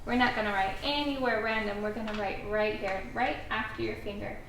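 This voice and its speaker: A woman teacher guiding a young child through writing, with animated, encouraging step-by-step prompts. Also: mid-range voice, a little fast, background noise. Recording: echoey room, mic at a distance.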